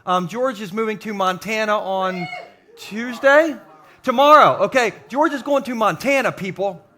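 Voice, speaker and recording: Middle-aged male pastor, high and bright voice, jokes with the congregation in a church hall. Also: moderate pace. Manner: jokey, animated, talks to the congregation. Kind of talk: sermon. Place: church sanctuary with live audience.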